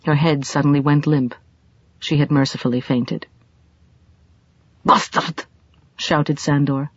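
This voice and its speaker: A woman reading a husky, lowish audiobook narration. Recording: dull lo-fi dry recording.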